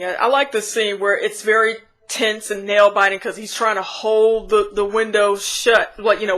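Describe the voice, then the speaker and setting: Woman doing a chatty show recap, keeps restarting and giggling, ordinary pitch. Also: a bit bright. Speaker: show reviewer. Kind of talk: casual scene-by-scene recap.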